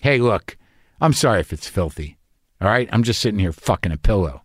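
A man's voice: lowish voice, lively intonation, brisk, breathy edge. An older man hosting a podcast, riffing in a neurotic, rambling, profane comedic monologue. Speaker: podcast host. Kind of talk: comedic monologue and casual conversation.

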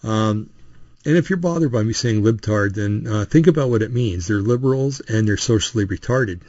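Low-voiced man rambling on a dull recording. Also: normal speed, a little mellow, no echo. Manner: rambling, full of restarts and asides. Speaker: podcast host. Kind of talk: casual opinionated monologue.

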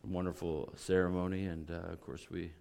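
A middle-aged male pastor with a worn, raspy voice, hoarse from overuse. He preaches in a low register, in an easygoing, chatty way with plenty of fillers. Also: little pitch movement, fairly quick, darkish tone. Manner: folksy, conversational preaching with many fillers. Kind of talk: sermon.

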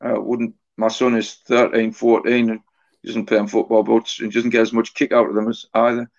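A man in his forties tells a story as an interview guest, stopping and restarting, doubling words as he gathers his thoughts. His pitch stays flat and barely moves. The recording sounds dull and lo-fi. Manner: halting, often repeats words and restarts. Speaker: author guest.

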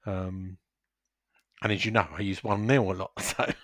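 A man's voice: deep voice, steady tone, moderate pace, a bit bright, no echo, studio quality. A man hosting a casual football podcast, chatty, running through fixtures and scores. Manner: chatty, reads fixtures and scores, laughs often. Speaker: podcast host.

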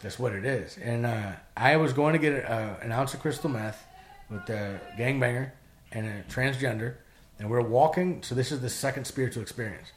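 A man tells a rough story in a loose, casual way. He is animated and profane, and he jumps into other people's voices as he goes. His voice sits at a middle pitch. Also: normal speed. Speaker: guest telling his life story.

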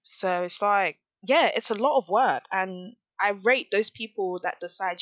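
A woman chatting casually as a podcast co-host, animated and quick to laugh. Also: mid-range voice, dry recording. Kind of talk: casual chat.

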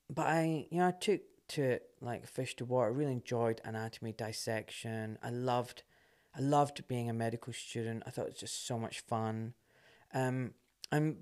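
A man, a surgeon guest telling a story in casual talk, animated and quick to laugh. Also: medium pitch.

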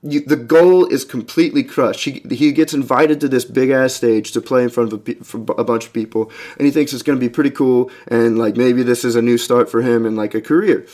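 A man's voice: mid-range voice, fairly even intonation, fairly quick, few pauses, darkish tone. A young man casually retelling a film's plot, rambling and swearing, with lots of fillers and restarts, acting out the characters' lines and humming drum beats. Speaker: film commentator.

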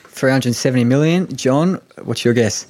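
A man with an Australian accent hosting a podcast interview, relaxed and a little hesitant, with frequent fillers. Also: medium pitch, moderate pace. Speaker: podcast host.

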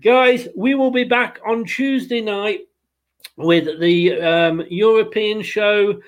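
A man with a high voice hosts a football podcast. He talks in an upbeat, chatty way with a laugh always close by. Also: takes it slowly. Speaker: podcast host. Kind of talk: casual football podcast chat.

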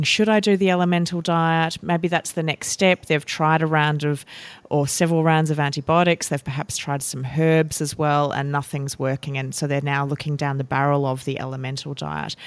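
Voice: medium pitch, fairly even intonation, moderate pace, no room sound. A podcast host in a casual interview who asks curious questions and laughs along with the guest.

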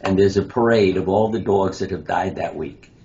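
A man's voice: deep voice, normal speed, dark tone. A man who is a surgeon and author, telling stories as an interview guest and acting out the quoted lines. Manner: anecdotal, acts out quoted lines. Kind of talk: interview storytelling. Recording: dull lo-fi sound with faint noise.

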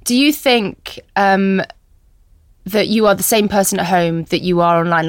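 A woman in her thirties hosting a podcast, telling animated stories and acting out quotes in casual chat. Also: mid-range voice, moderate pace, no echo, studio quality. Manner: animated storyteller, acts out quotes. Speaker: podcast host.

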